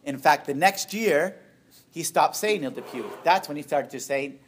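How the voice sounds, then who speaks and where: A middle-aged male priest tells a story to a gathering in a fairly high, lively voice. He talks animatedly, jumping in pitch as he acts out remembered voices. A faint hiss of noise sits under the recording. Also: moderate pace. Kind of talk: storytelling witness talk.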